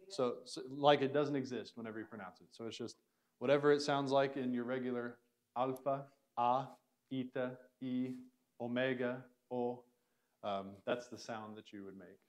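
A man's voice: mid-range voice, steady tone, normal speed. A man teaching a church Greek class, explaining in a loose, casual way with frequent "um"s and restarts. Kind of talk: classroom lecture.

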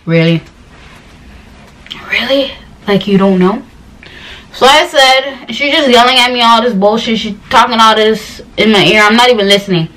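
A woman's voice: fairly high pitch, moderate pace, pauses often, fairly bright tone, a little hiss or hum, rough recording. A young woman vlogger telling a story in a casual, slangy, rambling rant, exasperated and fed up.

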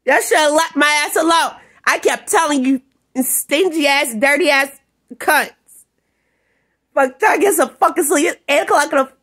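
A woman vlogger in an angry, rambling rant, swearing constantly and often breaking into shouts. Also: high-pitched, normal speed, pauses often. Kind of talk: ranting vlog monologue.

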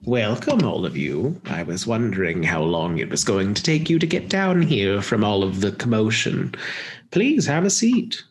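A woman's voice: extremely low pitch, very animated, moderate pace, voice pushed down. A sly old duergar matriarch, voiced by a man running a tabletop game, mocks her visitors with open amusement. Her voice sounds greedy and self-satisfied. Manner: sly, mocking, sloppy eater.

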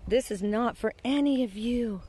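A woman's voice: fairly high pitch, moderate pace, mellow, breathy edge. A woman chatting casually on an outdoor farm tour, talking fondly to her animals in baby talk. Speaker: farm vlogger.

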